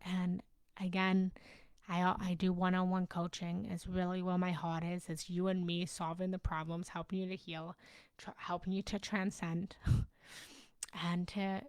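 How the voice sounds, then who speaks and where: Passionate, gravelly-voiced woman coach. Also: on the low side, level tone, measured pace, dry recording. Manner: passionate and emotional, swears freely; drops into whispers for emphasis. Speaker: relationship and self-love coach. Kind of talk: live-streamed personal talk to followers.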